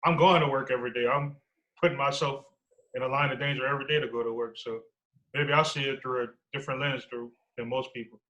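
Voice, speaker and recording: A man co-hosting a casual podcast, talking quickly in a frank, slightly weary way. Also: medium pitch, fairly even intonation, fairly bright tone, lo-fi sound. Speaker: podcast co-host.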